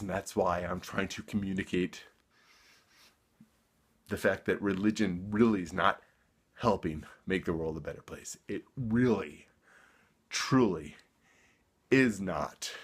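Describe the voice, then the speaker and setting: A man ranting to camera in a vlog, worked up and emphatic, sarcastic at times, tripping over and repeating words when heated. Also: on the low side. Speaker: vlogger.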